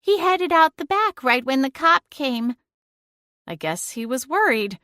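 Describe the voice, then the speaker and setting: A woman's voice: sits high, big pitch swings, unhurried, pushed and bright, no room sound, clean studio sound, voice pushed up, full character voice. A woman voicing a smug, sly female talking cat who teases with drawling, passive-aggressive innocence. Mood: smug teasing.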